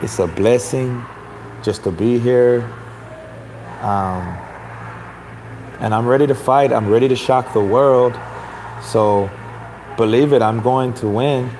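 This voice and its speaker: A man imitating a humble, soft-spoken male boxer, speaking slowly and haltingly. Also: medium pitch, a little hiss or hum, pitched below the performer's own voice, lightly acted, low-quality recording. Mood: meek. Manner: slow, halting, quiet.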